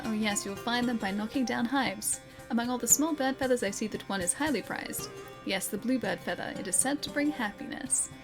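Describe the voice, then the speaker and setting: A woman's voice: fairly high pitch, close to an everyday voice. Australian woman reading as a goofy old fortune teller. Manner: theatrical, mystical phrasing read aloud. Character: goofy older male fortune teller, theatrical.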